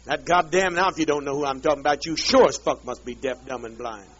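A man's voice: a little high, fast, slightly rough. Bitter profane man ranting on old tape. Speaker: leader addressing a group. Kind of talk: angry profane rant. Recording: dull lo-fi archive tape.

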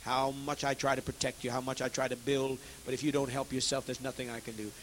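A man preaching to a congregation, swinging between loud, forceful outbursts and hushed, heavy tones, repeating phrases to exhort his listeners. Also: mid-range voice, level tone, fast talker, slight background noise, poor audio. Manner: repetitive, exhorting. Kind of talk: impassioned sermon.

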